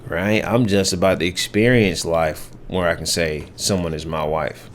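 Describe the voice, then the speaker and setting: A young man hosting a podcast, telling a story in a reflective, halting way with many restarts. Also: sits low, fairly even intonation, a little hiss or hum. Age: young adult. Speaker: podcast host. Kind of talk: casual storytelling monologue.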